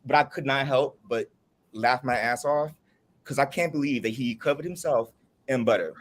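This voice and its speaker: A man in a casual group chat, telling a funny story with lots of laughter. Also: normal speed. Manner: animated, laughs often, high squeaky voice when quoting. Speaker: chat panelist.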